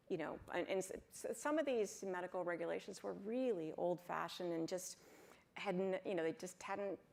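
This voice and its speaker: A woman's voice: mid-range voice, creaky. A woman on a conference panel, talking things through reflectively in casual conversation. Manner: reflective, thinks aloud with fillers. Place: conference stage.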